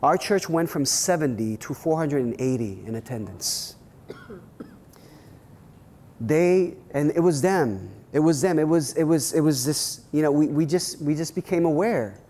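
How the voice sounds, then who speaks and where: A male pastor telling church stories in an animated, restart-filled way. His voice sits a little high but sounds mellow and soft-edged. The room rings with a long hall reverb. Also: unhurried. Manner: animated storytelling with many restarts. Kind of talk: workshop talk with personal stories. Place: church hall at a leadership weekend.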